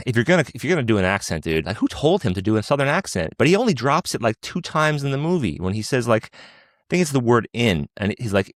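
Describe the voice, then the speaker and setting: A man's voice: medium pitch, very animated, brisk, no room sound, clean studio sound. Opinionated man chatting on a podcast. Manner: opinionated, peppers speech with "like". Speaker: podcast co-host. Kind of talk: casual chat.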